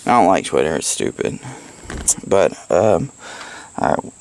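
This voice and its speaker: Rambling, gravelly man chatting about a book. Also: low voice, sing-song, unhurried, darkish tone, slight background noise. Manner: rambling, profane, laughs at own jokes. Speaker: book reviewer. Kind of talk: casual rambling book report. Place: at home, with pets around.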